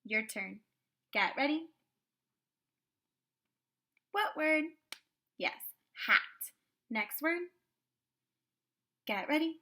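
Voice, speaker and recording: Woman kindergarten teacher, bright tone, very slow deliberate phonics prompts, cheerful and clear. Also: high-pitched, lively intonation. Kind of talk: online phonics lesson.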